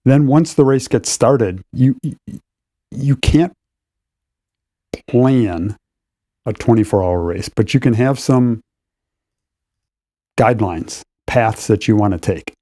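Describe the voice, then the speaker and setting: An older man, co-host and racing competition director, explaining race strategy in a measured, casual way. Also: mid-range voice, mellow, dry recording. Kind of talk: casual podcast chat.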